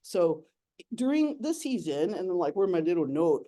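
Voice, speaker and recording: A woman's voice: lowish voice, big pitch swings, moderate pace, dark tone. A young adult woman giving a playful, giggly nature talk as an educator.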